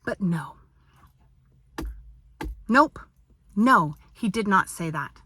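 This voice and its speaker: A woman's voice: medium pitch, animated, very slow, sharp tone, slight background noise. A woman vlogger ranting to camera in an indignant, exasperated tone, firing off repeated rhetorical questions. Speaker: parent and business owner.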